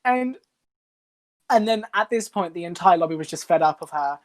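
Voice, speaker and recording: A young man, casually telling a funny story as a co-host of a group stream, animated and blunt. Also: high voice, moderate pace.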